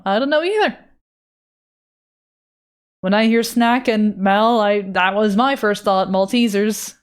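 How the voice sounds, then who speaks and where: A woman's voice: medium pitch, darkish tone, smooth. Casual profane woman streamer chatting. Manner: loose and profane, answering chat while drawing. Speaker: art streamer reading chat. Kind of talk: casual live-stream chat.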